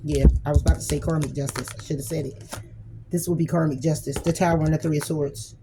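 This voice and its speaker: A woman's voice: low-pitched, fairly even intonation, fast talker, noisy background. A woman giving a casual, blunt tarot reading who swears freely and acts out imagined arguments. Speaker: tarot reader.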